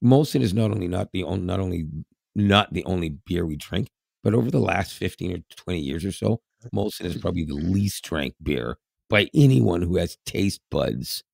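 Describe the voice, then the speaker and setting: Canadian guy in his 50s, gravelly lowish voice, rambling podcast chat, dry sound. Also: expressive, normal speed, a little mellow, no room sound. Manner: rambling, laughing, chatty. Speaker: podcast co-host. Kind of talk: casual chat.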